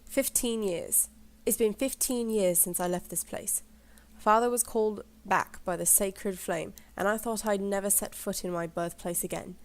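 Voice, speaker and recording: A woman reading aloud as a grim young male lord, slow and solemn, in a put-on accent. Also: medium pitch, close to an everyday voice.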